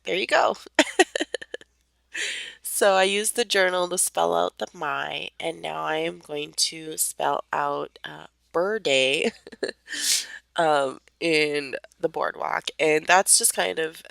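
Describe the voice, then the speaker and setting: A woman's voice: deep voice, fairly even intonation, slow pace, gravelly, a bit bright, no echo. A young woman casually narrating her craft process over footage, rambling with lots of fillers and small laughs, her voice a bit off from allergies.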